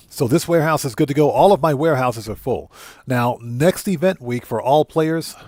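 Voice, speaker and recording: Male game streamer, relaxed rambling live commentary, mid-pitched. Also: normal speed, no room sound. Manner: rambling, easygoing, many fillers and self-corrections. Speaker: GTA streamer and content creator. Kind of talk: live gameplay commentary, reading chat.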